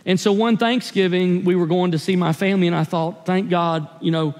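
Male pastor, sermon delivery, earnest and confessional, higher voice, long hall echo. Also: steady tone, fairly quick, darkish tone. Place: church sanctuary.

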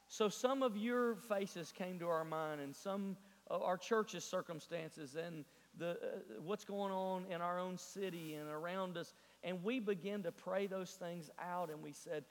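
A man preaching from the pulpit in a strikingly high voice, earnest and fervent as he exhorts the congregation. His words ring out with a long echo, as if in a large sanctuary. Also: unhurried. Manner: earnest preaching, swings from hushed storytelling to fervent build-ups. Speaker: pastor. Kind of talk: sermon. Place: church sanctuary.

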